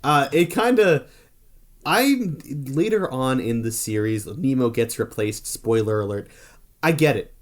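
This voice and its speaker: Man, podcast co-host, mid-pitched voice; loose, rambling riffs. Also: animated, measured pace. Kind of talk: casual comedic podcast chat.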